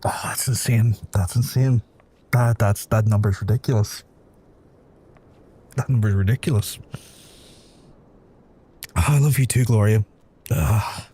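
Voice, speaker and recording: A man streaming live, overwhelmed and swearing, holding back from shouting. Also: fairly low pitch, unhurried, long pauses, slightly rough. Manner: emotional, swearing, restrained from shouting. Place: room at home.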